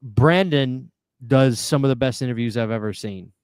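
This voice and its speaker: A man's voice: medium pitch, moderate pace, a little mellow, clear, resonant tone, no room sound. A man hosting a casual live stream, chatty, reading viewer comments aloud and laughing easily. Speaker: podcast host.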